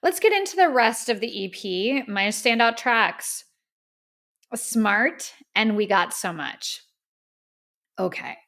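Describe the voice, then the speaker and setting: A woman's voice: on the high side, lively intonation, takes it slowly, long pauses, a bit bright. A woman hosting a podcast, casually reviewing music in a candid, opinionated way with frequent fillers. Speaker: podcast host. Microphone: studio microphone.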